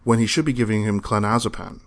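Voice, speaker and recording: Man, lowish voice, casual podcast chat, rambling, keeps correcting himself. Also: steady tone, fast talker, a bit bright. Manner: rambling, self-correcting, detail-focused. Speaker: podcast co-host reviewing a TV series.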